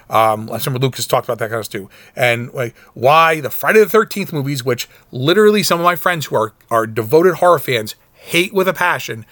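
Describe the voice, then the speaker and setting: A man's voice: mid-range voice, fairly bright tone, no echo. A middle-aged man hosting a solo podcast in a casual, rambling way, often restarting his sentences and growing emotional at times. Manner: rambling, self-interrupting, conversational. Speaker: podcast host.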